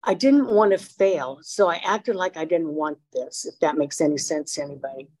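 A woman's voice: low-pitched, moderate pace, a little mellow, slightly rough, rough recording. A middle-aged woman from Los Angeles sharing her recovery story at a meeting, blunt and streetwise, with lots of fillers. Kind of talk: personal recovery share.

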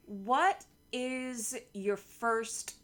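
A woman's voice: a little high, expressive, very slow. A woman in her thirties co-hosting a podcast, chatty and giggly, with lots of "like". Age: 30s. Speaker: podcast co-host. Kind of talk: casual chat.

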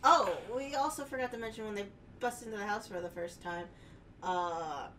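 A woman's voice: mid-range voice, moderate pace, fairly bright tone, slight background noise. A woman co-hosting a podcast in casual chat, making teasing, wry asides while recapping a movie. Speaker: podcast co-host.

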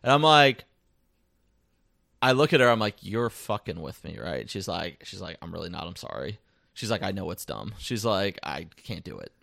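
Lively, creaky-voiced young man telling a story. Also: deep voice, moderate pace, no room sound, clean studio sound. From New York area. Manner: animated storytelling, breaks into shouts of disbelief. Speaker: podcast co-host. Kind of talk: casual chat.

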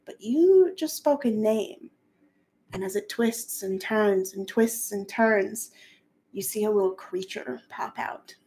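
A woman's voice: mid-range voice, gravelly, a little mellow. A woman as game master, narrating a tabletop role-playing game in a playful, descriptive way. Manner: playful, descriptive, laughs often.

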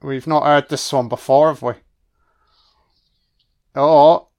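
In this voice-only clip recorded at home, a man reacts to a movie he's seeing for the first time, cursing, wisecracking at the characters and answering the screen. He speaks slowly and draws his words out in a somewhat high, smooth, clear voice that stays steady and a little mellow.

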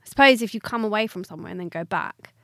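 A young woman hosts a casual podcast chat and tells animated audition stories, acting out the voices of the people she quotes. Her voice sits at a middle pitch. The recording is close and dry. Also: very fast, vocal fry, dry recording. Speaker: podcast host, actor.

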